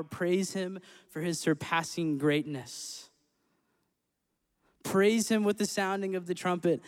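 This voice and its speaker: Man, worship leader, lightly higher voice, upbeat and earnest, long church-hall reverb. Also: clean tone. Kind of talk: church service worship talk and scripture reading. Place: church sanctuary.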